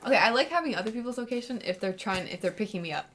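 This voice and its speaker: A young adult woman co-hosting a casual podcast with friends, chatty and giggly with quick asides. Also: a little high, lively intonation, fairly bright tone. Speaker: podcast co-host. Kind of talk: casual chat among friends.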